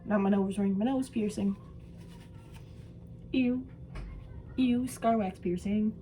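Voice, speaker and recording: A young woman vlogging while she does special effects makeup, chatting casually and poking fun at herself, sometimes trailing off into soft mumbles. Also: mid-range voice, fairly even intonation, slow, a little hiss or hum, low-quality recording. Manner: chatty, self-mocking, drifts into soft mumbles. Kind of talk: rambling casual chat while doing makeup.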